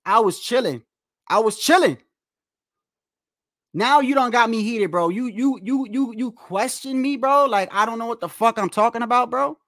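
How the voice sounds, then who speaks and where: A man hosting a boxing livestream and ranting in a heated, animated way, repeating himself, swearing often and trash-talking the chat. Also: extremely high pitch, moderate pace, dry recording, studio quality. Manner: animated, repetitive, trash-talking with frequent profanity.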